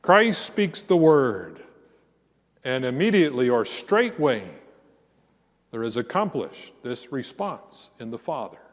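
Slow, earnest preacher man in a reverberant hall. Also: mid-range voice, big pitch swings. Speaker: pastor. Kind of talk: sermon.

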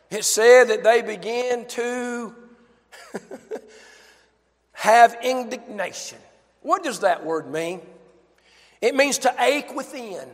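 Male pastor preaching emphatically to his congregation; bright, high voice, long hall echo. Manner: emphatic, asks the congregation questions. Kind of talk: sermon. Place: church.

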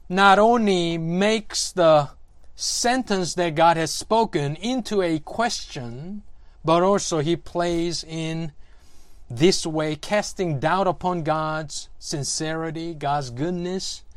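A preacher delivering a sermon in a deliberate manner, posing rhetorical questions to the listeners. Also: medium pitch, no echo.

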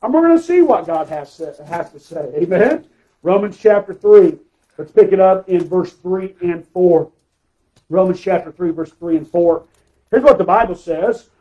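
A man preaching a sermon, emphatic, calling for amens and swinging between loud and soft. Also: high voice, expressive, moderate pace, low-quality recording. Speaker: pastor.

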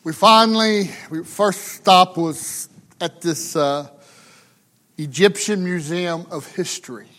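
Folksy, high-voiced American pastor. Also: male voice, slow, fairly bright tone. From United States. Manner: folksy, chatty, tag questions. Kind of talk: humorous sermon storytelling.

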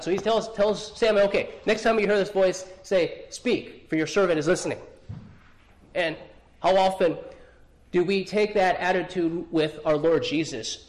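High-voiced man preaching a sermon. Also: moderate pace. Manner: earnest preaching with repeated restarts. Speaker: pastor.

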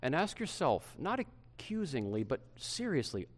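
A middle-aged male pastor preaching a sermon to his church, swinging from loud emphasis to hushed softness. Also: medium pitch, sing-song, normal speed, few pauses.

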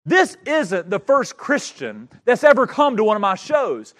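Man doing an indignant shouting entertainer, loud, high-pitched, heated. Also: huge pitch swings, a little slow, heavily acted. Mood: angry, shouting. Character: angry famous male entertainer, indignant.

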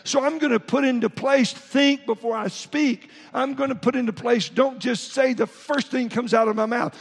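A pastor preaches in a gravelly, husky voice that sits high for a man. He reads scripture aloud and often stops and restarts his sentences. The long reverb of a church hall trails after each phrase. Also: steady tone, normal speed. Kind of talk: sermon.

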